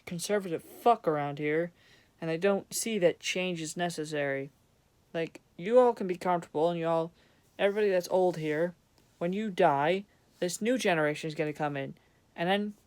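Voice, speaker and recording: A man's voice: fairly high pitch, clear, resonant tone. A young man from Vermont delivering a profane, sarcastic rant as a vlogger. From Vermont, USA. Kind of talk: angry ranting monologue.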